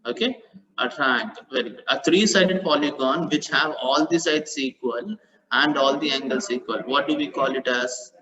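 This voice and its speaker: A man's voice: medium pitch, moderate pace, a crowd in the background. A man teaches maths in a live online class. He repeats his phrases, corrects himself as he goes and praises his students. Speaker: maths tutor. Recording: dull lo-fi online call audio.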